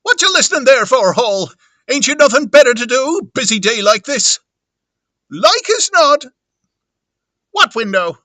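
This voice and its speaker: A man voicing a sharp-tongued older innkeeper woman who scolds in rustic dialect, for an audiobook. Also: extremely high pitch, big pitch swings, a little slow, long pauses, no room sound, voice pushed up, heavily acted. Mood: scolding.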